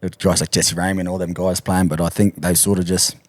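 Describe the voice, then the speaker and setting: A man, a rugby league player and podcast guest, telling stories in a relaxed, halting way and laughing easily. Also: low voice, no room sound. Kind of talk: casual storytelling chat.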